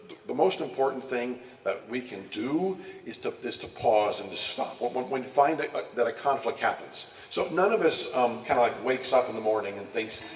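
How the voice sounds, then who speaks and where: A man gives a conversational church teaching talk. He speaks at a middle pitch, repeats words, and checks in with his listeners. He is recorded from a distance in an echoey room. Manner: conversational, repeats words and restarts, asks the audience questions.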